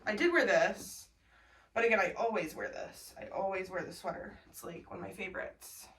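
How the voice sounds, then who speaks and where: Speaking at a moderate pace in an expressive, medium-pitched, fairly bright voice, a young woman vlogs casually indoors at home. She chats away to her viewers and coos to her pet in a baby voice, recorded on a distant mic with faint background noise.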